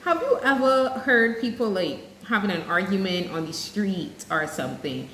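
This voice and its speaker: A woman teacher giving an English lesson, explaining clearly and speaking straight to her students. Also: medium pitch, lively intonation, normal speed, a bit bright, a little hiss or hum. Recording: echoey room with faint ambience.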